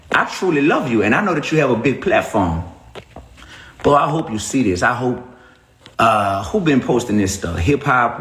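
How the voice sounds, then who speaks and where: A man, talking casually and preachily to viewers on a livestream, giving emphatic points and shout-outs. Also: medium pitch, roomy sound. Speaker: rapper on a livestream.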